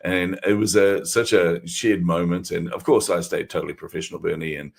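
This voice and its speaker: A middle-aged man telling stories as a podcast guest, animated and self-deprecating, laughing often. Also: low voice, a little fast, creaky, breathy edge. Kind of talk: storytelling in an interview.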